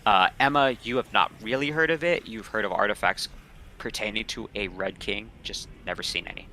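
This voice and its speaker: A man's voice: lowish voice, a little fast, pushed and bright, slight background noise. A young man narrating as game master in a tabletop role-playing session over a call, casual and loose with many fillers.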